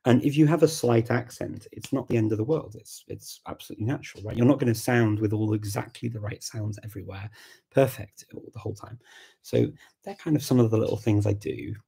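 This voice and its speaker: A man talks casually on a live stream, coaching language learners in a low, husky voice. He explains his points thoughtfully and reads out viewer questions as they come in. His tone is mellow and unhurried. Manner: thoughtful and explanatory, reads out comments and reacts warmly.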